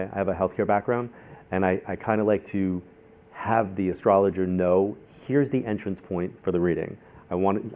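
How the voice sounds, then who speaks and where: Fast-talking deep-voiced man. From Long Island, New York. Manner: animated storyteller, acts out quoted voices; talks fast and repeats himself when in the zone. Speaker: psychic-medium guest. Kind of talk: live onstage conversation.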